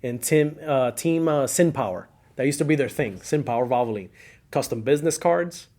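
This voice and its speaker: A man's voice: mid-range voice, moderate pace. A middle-aged man with a Cuban accent hosting a casual podcast, telling old car-scene stories with lots of laughter and acted-out quotes. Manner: animated storyteller, laughs often, acts out quotes. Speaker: podcast host.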